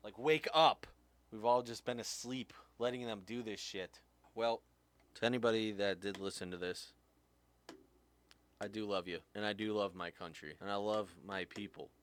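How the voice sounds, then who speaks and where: A man's voice: fairly low pitch, fairly even intonation, normal speed. A man hosting a podcast, ranting heatedly, swearing often, his voice jumping up when he gets angry. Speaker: podcast host. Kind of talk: impassioned rant.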